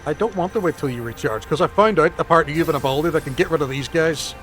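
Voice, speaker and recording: A man's voice: a little high, very fast, fairly bright tone, faint music behind. A man, commentating his live gameplay and bantering profanely with chat. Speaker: gaming streamer.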